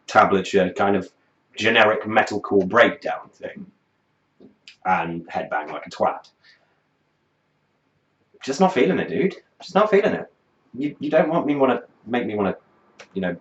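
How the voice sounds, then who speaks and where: A man reviewing a song in a scornful, sardonic rant, swearing freely as he picks it apart. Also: deep voice. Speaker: music reviewer. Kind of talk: profane reaction commentary. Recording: roomy, dull lo-fi sound.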